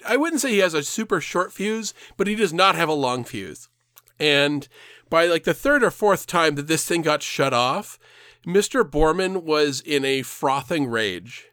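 A man's voice: a little high, fairly bright tone, dry recording, studio quality. A man telling a long, rambling story in casual chat, swearing freely and laughing as he goes.

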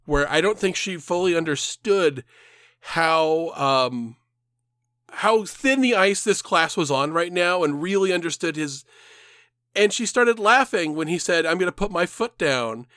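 A man's voice: a little high, lively intonation, measured pace, fairly bright tone, no room sound, clean studio sound. A man telling a long, rambling story in casual chat, swearing freely and laughing as he goes.

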